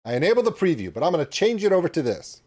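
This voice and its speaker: Host type: man at his home streaming desk, animated and demonstrative, pitch jumping all over. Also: very fast. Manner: animated and demonstrative, pointing things out. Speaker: reaction channel host. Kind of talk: casual tutorial walkthrough.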